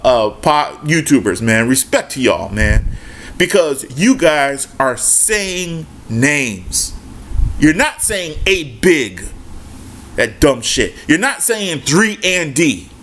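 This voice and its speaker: A man's voice: mid-range voice, slight background noise. A man hosting his own basketball YouTube channel, giving a casual, emphatic opinion rant full of "right?" and "man" and some swearing.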